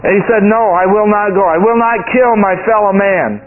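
High-pitched preacher over tinny radio. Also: male voice, moderate pace. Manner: emphatic, rising to high exclamations. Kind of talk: sermon. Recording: tinny phone-like radio broadcast.

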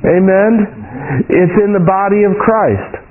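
A male preacher with a high, light voice delivers a sermon with frequent amens and a storyteller's pace. He acts out the prayers he once cried out. The sound is thin and phone-like, as if heard over an old radio broadcast. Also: takes it slowly. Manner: call-and-response amens, storytelling with quoted prayers.

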